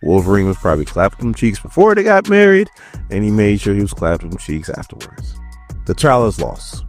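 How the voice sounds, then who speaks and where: A deep-voiced man runs through a comic issue in a relaxed, joking way, with a voice that swings widely in pitch. He keeps breaking off to crack jokes and talk straight to his audience. Faint music plays underneath. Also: normal speed. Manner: joking, chatty, asides to viewers. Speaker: comic book recap host. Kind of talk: casual comic recap.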